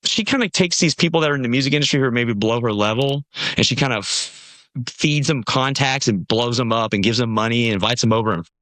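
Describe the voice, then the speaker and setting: A man's voice: mid-range voice, fast talker, dry recording. A man from Nashville, telling a long story as a podcast guest and acting out the people he quotes. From Nashville, USA. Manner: animated storyteller, acts out quoted voices. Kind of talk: casual storytelling conversation.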